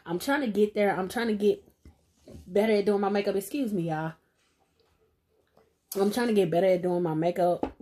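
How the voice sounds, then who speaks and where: A young woman beauty vlogger talks casually through a makeup tutorial in a mid-range voice, at a moderate pace with long pauses. She's self-deprecating and speaks straight to her viewers while loud hip hop music plays behind her.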